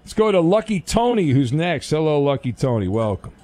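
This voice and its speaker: A man hosting a call-in sports radio show, answering callers in a deadpan, sarcastic way. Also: a little high, brisk. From Orange County, California. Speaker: radio host.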